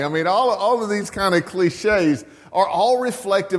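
A man's voice: high-pitched, measured pace, few pauses. A man preaching a sermon as a pastor, in a conversational way, chuckling now and then and asking the congregation questions. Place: church sanctuary. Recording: long church reverb.

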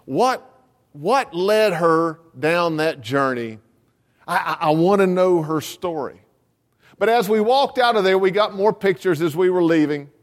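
A man's voice: high-pitched, expressive, a little slow, long reverb tail. A man who is a pastor, preaching a storytelling sermon and repeating words as he restarts his sentences.

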